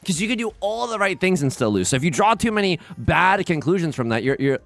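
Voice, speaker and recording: A young man commenting on his own online game as he plays, self-mocking and excitable, swinging from mumbled asides to loud outbursts. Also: high voice, fast talker, gravelly, soft background music. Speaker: gaming YouTuber. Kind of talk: live commentary while playing.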